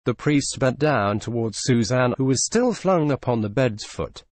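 Expressive male audiobook narrator. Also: mid-range voice, a little slow, dry recording. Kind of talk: scripted narration.

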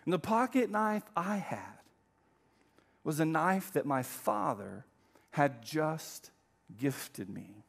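High-pitched pastor, emphatic storyteller. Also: male voice, expressive, slow pace, gravelly. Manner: storytelling, emphatic with wide swings in loudness. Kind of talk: sermon.

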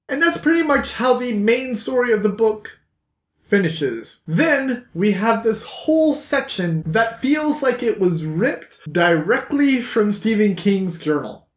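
A man reviewing a book on his vlog, ranting in an exasperated, animated way. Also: high voice. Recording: echoey room.

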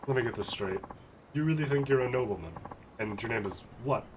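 A man's voice: medium pitch, brisk, background noise, close to an everyday voice. A man voicing an exasperated, blunt man who mocks and ribs the person he talks to. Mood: sarcastic. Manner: sarcastic, mocking.

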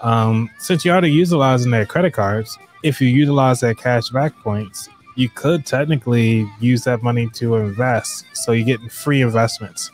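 A man's voice: medium pitch, normal speed, few pauses. A man hosting a casual live chat about finances, chatty and full of fillers as he talks to viewers. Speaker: livestream host. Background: light background music.

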